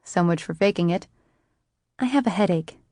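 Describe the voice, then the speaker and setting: A woman reading a tired young mother, soft-spoken. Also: fairly low pitch, normal speed, no echo, clean studio sound, natural voice. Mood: weary.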